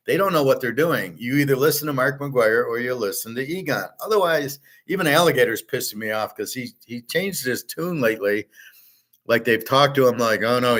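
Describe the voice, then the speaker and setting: A man's voice: mid-range voice, a bit bright. A middle-aged man hosting a show, talking in a blunt, rambling, casual way and swearing now and then. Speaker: show host.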